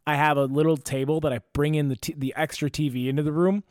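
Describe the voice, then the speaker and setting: A man's voice: a little high, steady tone, quick pace, darkish tone, no room sound, studio quality. A man co-hosting a podcast, chatting in an enthusiastic, playful way. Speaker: podcast co-host. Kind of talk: casual chat.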